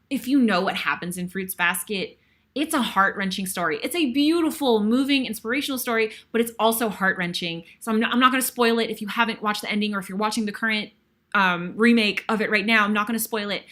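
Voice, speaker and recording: A woman's voice: mid-range voice, a little fast, fairly bright tone. A woman in her thirties, a guest host, telling a stage story with lots of emotion and some sighs. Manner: emotional, breathless retelling with sighs. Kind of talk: animated storytelling.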